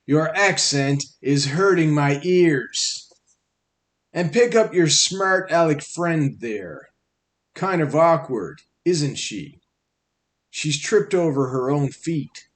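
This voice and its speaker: A man's voice: on the high side, animated, slow. A man voicing a condescending male jackal army guard who scolds and lectures the prisoners in a raised, sarcastic tone in an audiobook. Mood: mocking. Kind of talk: audiobook character voice.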